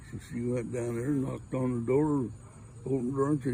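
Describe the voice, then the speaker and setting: Gravelly older man telling folksy jokes. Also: mid-range voice, steady tone, fairly quick, mellow, a little hiss or hum, poor audio. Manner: folksy rambling delivery with many wells. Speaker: joke teller.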